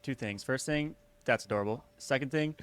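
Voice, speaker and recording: Bright, clear-voiced man joking on a podcast. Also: medium pitch, brisk, no room sound. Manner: joking, acts out scenes in big put-on voices. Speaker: podcast co-host. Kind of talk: casual chat.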